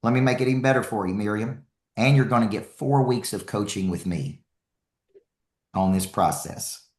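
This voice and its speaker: A man giving an energetic, emphatic live motivational talk as a speaker and coach, repeating key lines for effect. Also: fairly low pitch, moderate pace, reverberant.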